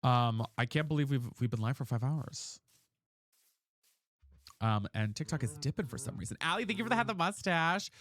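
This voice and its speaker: A man's voice: medium pitch, expressive, moderate pace, a bit bright. A man chatting casually on a live game stream, dramatic and chatty, thanking viewers by name. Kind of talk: casual live-stream chat while gaming.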